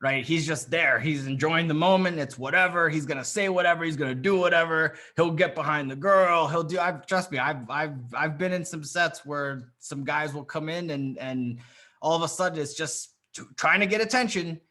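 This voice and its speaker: A man's voice: a little high, moderate pace, sharp tone. A man coaching a group on a video call, talking bluntly and confidently with plenty of swearing. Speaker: dating coach. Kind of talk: live coaching session.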